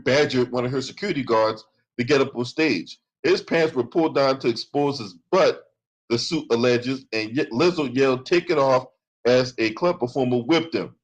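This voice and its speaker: A man's voice: medium pitch, rough recording. A man hosting a commentary channel, reading from a lawsuit and breaking into profane, sarcastic rants.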